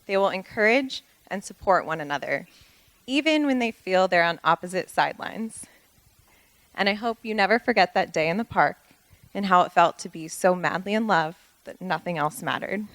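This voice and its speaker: A woman's voice: on the low side, lively intonation, moderate pace, fairly bright tone, no echo, low-quality recording. A woman reading a prepared, fond wedding toast about a long friendship, with light laughs between phrases.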